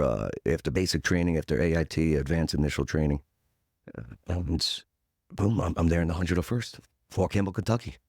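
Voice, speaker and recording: A man's voice: no room sound, clean studio sound. A man in his forties, a podcast guest, telling a punchy story and acting out the voices of others. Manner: animated storyteller who acts out quotes; punchy, peppers story with "boom".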